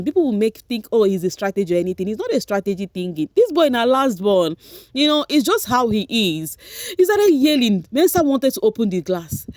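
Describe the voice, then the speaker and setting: A woman with a Nigerian accent in a casual vlog, giving an emotional, animated recap of a reality show and slipping into Pidgin now and then. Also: mid-range voice, brisk, no echo, studio quality.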